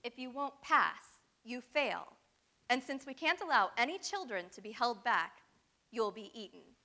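A woman's voice: on the high side, lively intonation, unhurried, bright, forceful tone, exaggerated voice. A woman reading aloud and voicing a gleeful female sphinx monster who acts like a cheery test proctor, in a sing-song quizmaster tone. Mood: smug.

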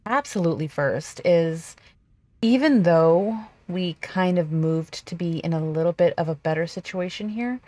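A woman hosting a gameplay video, chatting casually and excitedly to herself as she plays. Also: on the low side, dry recording. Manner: chatty, excitable, talks to herself while playing. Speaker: gaming video host.

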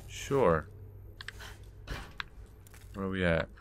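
Over a game playthrough, a male gameplay host gives casual commentary in a low voice that moves extremely slowly yet has lively intonation. He mutters in exasperation and swears a lot, and the home recording is noisy.

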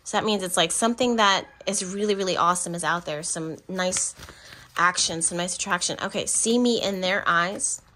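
A woman reading tarot cards for her viewers in a bright, forward tone. She chats in a loose, affectionate way, speaking right to her audience and breaking into laughs between remarks. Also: on the low side, moderate pace, slight background noise. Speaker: tarot reader. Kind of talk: pick-a-card tarot reading.

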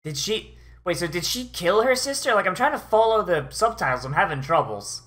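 Swearing anime watch-along host, rambles and restarts, bright sharp voice. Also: medium pitch, big pitch swings, fairly quick. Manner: rambling, profane, restarts a lot. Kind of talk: casual reaction commentary.

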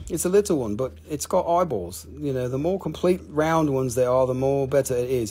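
A man hosting a live rock sale, joking, excitable and swearing freely as he runs quick auctions. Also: a little high. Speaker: livestream rock seller. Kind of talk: live auction sales chat.

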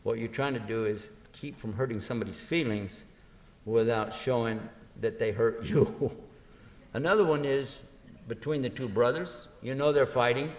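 A man with a medium-pitched voice speaks at normal speed, giving a lively religious lecture as an Islamic preacher. He plays out short dialogues and quizzes the crowd, and the large university lecture hall adds long reverb.

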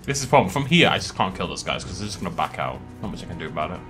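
A British man giving casual gaming commentary, swinging his pitch up and down as he chats and laughs at his own mistakes. His voice is bright and sharp, with faint game music underneath. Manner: chatty and animated, quick to laugh at himself. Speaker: let's play host.

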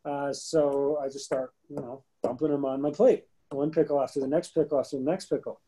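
A man in his thirties co-hosting a podcast, telling an animated story in a casual chat. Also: a little high, fairly quick, husky, rough recording. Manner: animated storyteller, bursts into rapping. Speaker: podcast co-host.

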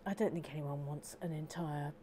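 A woman's voice: sits low, moderate pace, warm tone, slight background noise. A woman hosting a casual building vlog, chatty and self-deprecating, with frequent stammers. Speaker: host.

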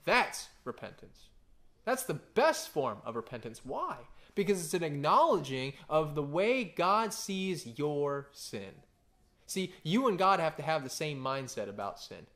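A man's voice: on the high side, sing-song, unhurried, a bit bright. A man in his thirties preaching a conversational sermon, telling stories and often checking in with "right?". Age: 30s. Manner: conversational, story-driven preaching with frequent "right?" asides. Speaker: pastor.

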